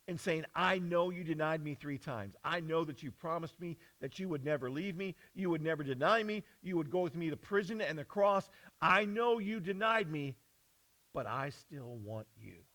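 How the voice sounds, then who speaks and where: In poor-quality audio, a man preaches as a pastor, recounting scripture in story form. His delivery swings from hushed and low to loud and high.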